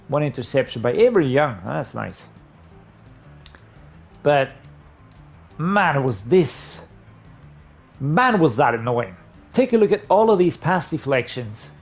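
A man with a somewhat high voice calls plays in a football video game. He swings from low muttering to loud, exasperated, swearing outbursts. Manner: frustrated, ranting and swearing at the game. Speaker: gaming YouTuber. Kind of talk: gameplay commentary.

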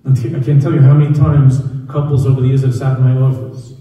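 A man's voice: mid-range voice, little pitch movement, fast talker, warm tone. A man giving a sermon as a rabbi, telling stories conversationally and repeating key phrases for emphasis. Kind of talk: sermon to a live audience. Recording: echoey hall, distant mic.

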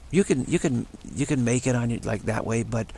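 A man's voice: mid-range voice, fairly quick, vocal fry, mellow, slight background noise. A man talking in an unscripted, rambling monologue, often restarting and repeating words. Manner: acts out short quoted voices of others. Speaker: spiritual channel host.

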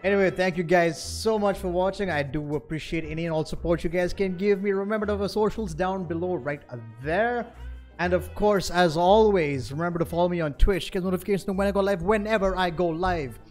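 A man's voice: high-pitched, brisk, faint music behind. A man streaming a video game, signing off in a loose, profane, chatty way. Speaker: gaming streamer. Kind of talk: casual stream outro.

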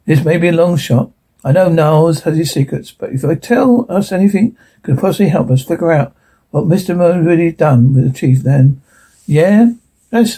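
Man, husky and gravelly, dark tone, reads every part and stage direction flatly. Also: a little high. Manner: flat, stumbling read-aloud with stage directions. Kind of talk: one voice reading all parts of a show transcript.

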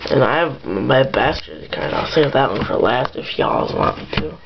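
A young man in a casual vlog, showing his card collection and naming the cards haltingly, with many fillers. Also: mid-range voice, huge pitch swings, gravelly. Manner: mumbling, lists items haltingly with many fillers. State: annoyed after a chipped tooth. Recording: muffled lo-fi home recording with background noise.

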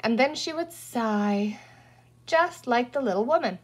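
A woman reading a children's novel aloud with expressive storytelling. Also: fairly high pitch, a little slow. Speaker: audiobook reader. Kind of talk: children's book read aloud.

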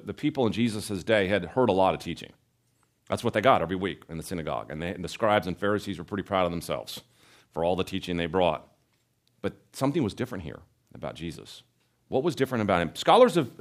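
A man teaching a Bible study in a conversational lecture, asking rhetorical questions and often checking in with "right?". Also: on the low side. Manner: animated, asks rhetorical questions, adds "right?" tags.

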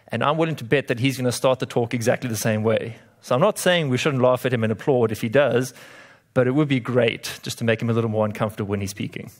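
South african guy giving a conference talk, dry jokes, mid pitch. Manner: dry self-deprecating humor. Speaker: conference speaker. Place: conference room.

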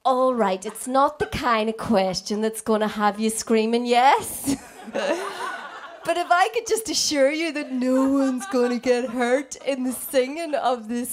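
A woman doing live musical comedy on a theatre stage, teasing the audience and swinging between loud asides and hushed whispers. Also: a little high. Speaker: comedic harpist. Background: harp music.

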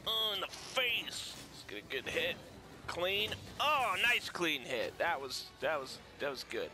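A man giving playful let's-play commentary, excitable and jokey, taunting the monster he fights. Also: on the high side, a little slow, over music. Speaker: gaming YouTuber.

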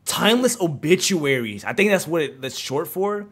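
A young man casually commentating on a video game, excitable and slangy, reading in-game texts aloud. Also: a little high, moderate pace, husky. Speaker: gaming streamer. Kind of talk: casual let's-play commentary.

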